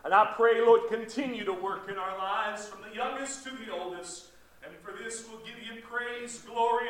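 A man preaching a sermon to his congregation, slowing down and raising his voice to stress key points. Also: extremely high pitch, bright, forceful tone, low-quality recording. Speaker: pastor. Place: church room with a congregation.

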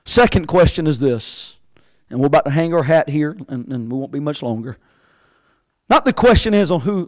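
A man preaching a sermon, swinging between shouted peaks and quiet, hushed asides. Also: on the high side, lively intonation, normal speed, rough recording. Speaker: pastor. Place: church sanctuary with congregation.

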